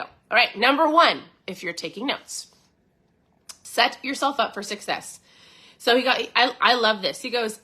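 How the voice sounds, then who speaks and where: A woman's voice: mid-range voice, bright, forceful tone. A woman hosting a podcast, chatting in a casual, upbeat way to her listeners, reading passages from a book and commenting on them. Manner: addresses listeners directly with frequent check-ins. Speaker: podcast host. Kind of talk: casual motivational talk.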